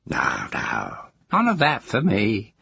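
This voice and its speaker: A man voicing an old, earthy village witch woman who talks in a rustic country dialect with a drawn-out, sing-song lilt. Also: lowish voice, wildly swooping pitch, gravelly, bright, forceful tone, slightly rough, no echo, pitched above the performer's own voice, heavily acted. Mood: folksy, musing. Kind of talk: audiobook character voice.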